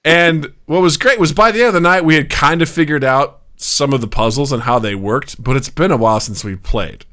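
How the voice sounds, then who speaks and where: A man's voice: a little high, brisk, sharp tone. A man co-hosting a podcast in casual chat, telling stories animatedly and acting out quotes. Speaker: podcast co-host.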